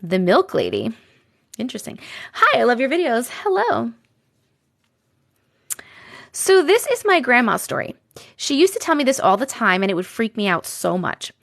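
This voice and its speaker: A woman with a New York accent livestreams casually from her computer desk at home, chatting, laughing a lot and reading out viewer comments and stories. Her slightly high, somewhat bright voice is gravelly, swings widely in pitch, moves at a normal speed and includes long pauses.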